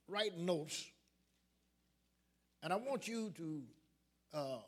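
A man's voice: fairly high pitch, animated, takes it slowly, pauses often. A man preaching a sermon as pastor, calling out questions to his congregation and building up to emphatic points. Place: church sanctuary.

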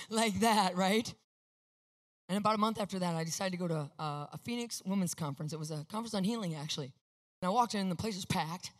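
A woman giving an animated faith testimony, acting out quotes with sudden shouts and hushed asides. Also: fairly high pitch, fairly quick.

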